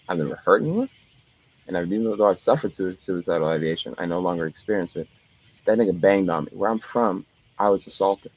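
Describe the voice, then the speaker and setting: A man's voice: deep voice, lively intonation, fast, low-quality recording. A man streaming live, talking in a profane monologue that jumps from one topic to the next.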